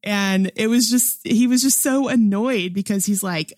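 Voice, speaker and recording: A woman's voice: mid-range voice, fairly even intonation, normal speed, hardly any pauses, a little mellow, no room sound, clean studio sound. A young adult woman chatting casually about a movie, enthusiastic and laughing often, with lots of fillers. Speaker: film discussion panelist. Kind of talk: casual film review chat.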